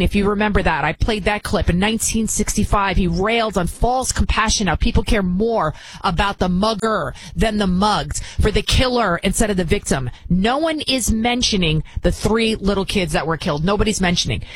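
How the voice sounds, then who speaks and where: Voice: medium pitch, a bit bright, husky, no room sound, low-quality recording. A commentary show host talking in an indignant, rambling way with many restarts. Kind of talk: opinion commentary.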